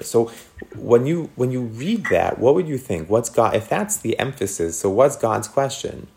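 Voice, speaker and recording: A man's voice: medium pitch, big pitch swings, a little slow, vocal fry, darkish tone. A man teaching a text class on scripture, asking his students questions and thinking aloud as he explains. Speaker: Torah teacher.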